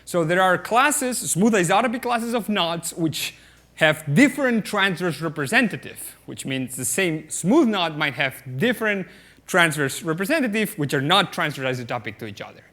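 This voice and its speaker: A man's voice: sits high, animated, normal speed, pushed and bright. A man giving a mathematics lecture at a conference, explaining step by step with many fillers and often checking the audience with "okay?".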